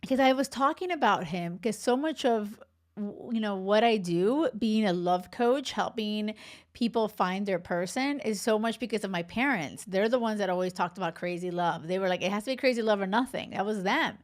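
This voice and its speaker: A woman in her thirties, a love coach, talking casually and warmly on her podcast, rambling with fillers. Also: mid-range voice, normal speed. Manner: chatty, heartfelt, rambling with fillers.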